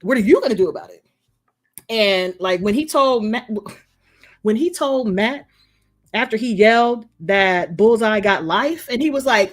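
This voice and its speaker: A woman in casual chat, expressive and slangy, riffing on a TV show with co-hosts. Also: fairly high pitch, a little slow, soft background music. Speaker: co-host of a TV episode discussion.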